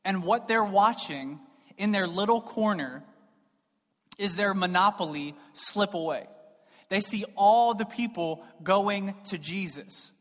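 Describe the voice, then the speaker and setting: A man preaching a sermon in a church, emphatic and rhetorical, swinging between loud stresses and soft asides. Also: high-pitched. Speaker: pastor. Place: church sanctuary. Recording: long reverb of a large hall.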